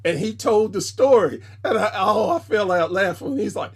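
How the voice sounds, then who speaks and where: A man with a slightly higher-pitched voice tells a story as a podcast guest. He talks casually and with animation, jumping into quoted voices as the anecdote unfolds. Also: moderate pace, slightly rough. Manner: animated, jumps into voices when quoting people.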